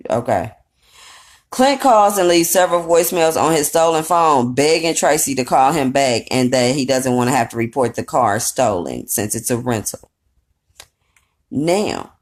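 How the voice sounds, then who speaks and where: A woman recapping a reality show in casual, rambling commentary, blunt and profane with a sassy edge. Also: extremely low pitch. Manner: rambling with fillers and asides.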